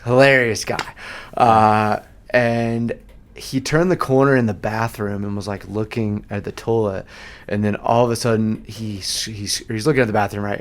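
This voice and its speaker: A young adult man, a real estate agent, telling stories in a casual chat, full of fillers and laughter. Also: lowish voice. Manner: animated, laughing storyteller who keeps saying "like".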